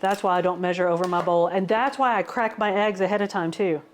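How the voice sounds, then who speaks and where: A woman's voice: fairly low pitch, steady tone, fairly quick, slight background noise. A woman, rambling casually through a home cooking and fitness vlog, calling her viewers "y'all". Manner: rambling, self-deprecating, says "y'all" a lot. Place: home kitchen.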